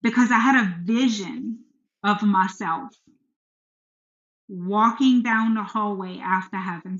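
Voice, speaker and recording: A middle-aged woman appears as a podcast guest, earnestly and frankly recounting a personal story about her faith in a mid-range, slightly bright voice. The recording sounds dull and echoey.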